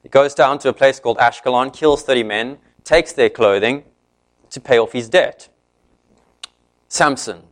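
A man preaching a sermon, retelling a story in an animated way and briefly voicing each character's lines. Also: mid-range voice, moderate pace, long pauses.

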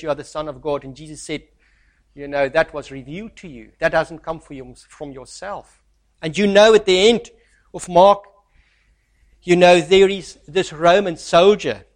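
A man preaching a sermon who reads scripture aloud and swings from loud, stressed lines to soft, near-hushed asides. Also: fairly high pitch.

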